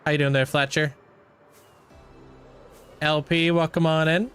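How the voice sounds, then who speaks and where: A man's voice: on the high side, flat delivery, a little slow, a bit bright, smooth, soft background music. A young man livestreaming a game, chatting casually and greeting viewers by name. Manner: laid-back, thanks and greets viewers by name. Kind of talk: casual chat with live viewers while playing.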